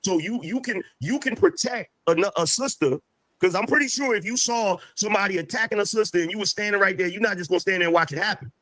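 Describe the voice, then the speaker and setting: A man's voice: sits high, quick pace, pushed and bright, no room sound. A man arguing his point in a casual panel debate, stumbling over restarts. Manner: argumentative, stammering restarts.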